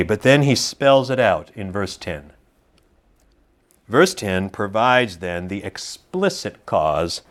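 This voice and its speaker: A man preaching an expository sermon to a congregation, teacherly and animated, joking with the room. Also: mid-range voice.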